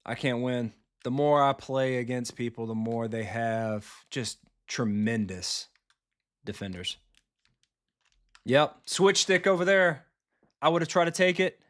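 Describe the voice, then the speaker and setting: A man's voice: mid-range voice, expressive, unhurried, a bit bright. A man giving casual live commentary while playing a football video game, swearing freely and answering his viewers. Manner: casual, profane, chatty with viewers. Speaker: streamer and football coach.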